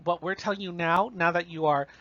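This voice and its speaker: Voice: mid-range voice, steady tone, fairly quick, pushed and bright, no room sound. A college instructor giving a recorded online lecture on writing, casually talking through examples and often checking in with "right?" and "you know". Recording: slightly dull, dry recording.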